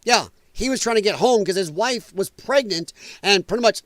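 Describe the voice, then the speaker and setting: A man's voice: high-pitched, expressive, moderate pace, fairly bright tone, no room sound. A man hosting a political podcast, giving blunt, indignant commentary and swearing freely. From United States. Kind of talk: opinionated livestream commentary.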